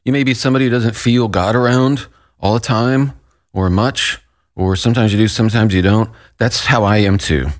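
A man co-hosting a Christian radio show, talking in a halting, earnest way and stammering a bit as he shares his own experience. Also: lowish voice. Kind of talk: casual devotional chat.

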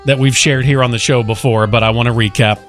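A man's voice: medium pitch, steady tone, fast talker, faint music behind. A man hosting a morning radio show, telling a fond story in a chatty, casual way.

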